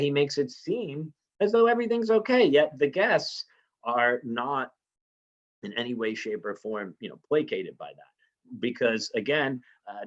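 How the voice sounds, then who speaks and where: A man teaching a literature lesson in an informal way, often checking in with his listeners by asking "right?". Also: mid-range voice. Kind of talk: recorded literature lecture. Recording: slightly muffled lo-fi recording.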